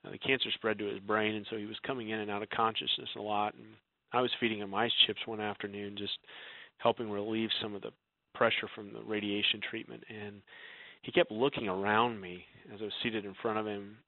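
A man guest telling an emotional personal story in an earnest way, his voice dropping soft when he quotes others. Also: fairly low pitch, flat delivery, a little fast, gravelly, no room sound. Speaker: guest author. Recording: dry, phone-like narrow sound.

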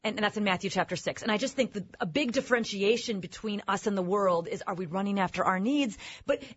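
A woman with a husky voice speaks as a guest on a faith talk show and tells personal stories with animation. The recording sounds somewhat dull and muffled. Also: medium pitch, fast talker.

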